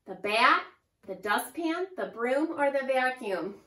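A woman teaching preschoolers in a high, very lively sing-song voice. She speaks slowly and draws out her words for little listeners. She sounds distant from the mic, with a strong room echo. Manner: slow, sing-song, exaggerated teacher delivery. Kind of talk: children's lesson. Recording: echoey room, far from mic.

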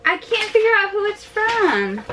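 A woman's voice: extremely high pitch, sing-song, a little slow, noisy background. A woman vlogging at home who chats in a gushing, emotional way, full of "like" fillers, while opening packages with her toddler. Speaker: family vlogger. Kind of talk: casual vlog chat with a toddler.

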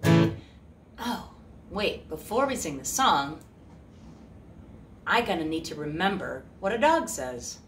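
Soft-spoken woman hosting a kids' song show. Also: deep voice, sing-song, a little slow, long pauses, distant mic. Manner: soft, playful, pretends to forget things. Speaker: children's music host. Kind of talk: gentle talk to children. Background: guitar.

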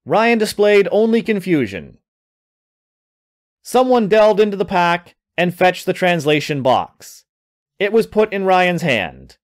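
A man reading his own adventure story aloud, narrating in an expressive storytelling manner. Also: high voice.

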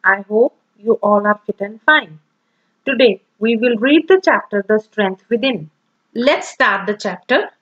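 A woman teacher with an Indian English accent who reads a school lesson aloud and slowly explains word meanings. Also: mid-range voice, fairly bright tone. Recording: dull lo-fi recording.

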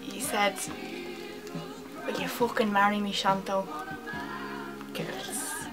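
A woman playing a brash young Dublin woman with a Dublin accent, telling a loud, sweary story to her friends in a comedy monologue. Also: medium pitch, little pitch movement, slow, over music, lightly acted, low-quality recording. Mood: gushing.

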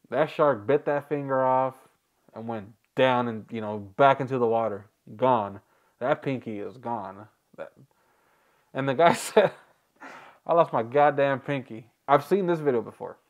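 A man hosting a reaction video, chatting casually, rambling and joking with frequent laughs. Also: medium pitch.

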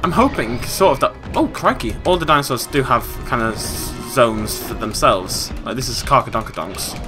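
British guy doing lets play commentary, jokey and excitable, bouncy voice going way up, game music under it. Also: medium pitch, moderate pace. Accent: English. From Britain. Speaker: gaming YouTuber. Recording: game music playing behind voice.

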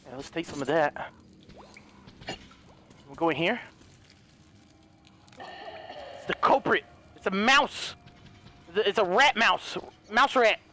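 Excitable high-voiced gaming commentator man. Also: a little slow, long pauses, faint music behind. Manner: excitable, yelps and swears, talks to viewers. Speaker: gaming youtuber. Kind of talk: let's play commentary.

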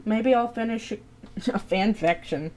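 A woman's voice: a little high, slow, darkish tone, slight background noise. Tired, rambling young woman streamer. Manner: rambling, self-deprecating, swears casually. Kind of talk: casual live-stream chat while drawing.

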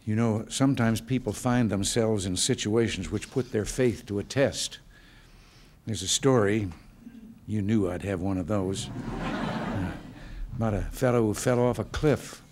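Older man, low-ish voice, relaxed folksy speaker with dry humor, addressing a staff gathering. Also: measured pace, slight background noise. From United States. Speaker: president giving remarks. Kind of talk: informal speech with joke stories. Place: hotel function room.

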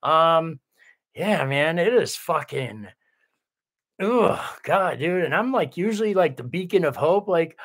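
Streamer type: a man with a slightly high voice, loose and profane, chats with his viewers and keeps restarting his thoughts. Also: expressive, a little slow, fairly bright tone. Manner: rambling, profane, full of restarts; reads viewer comments aloud. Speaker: livestream host reading viewer chat. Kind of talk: casual livestream chat.

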